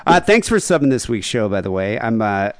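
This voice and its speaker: A man hosting a podcast, chatting casually and telling gossip in an animated way. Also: on the low side, a little fast, no echo. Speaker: podcast host.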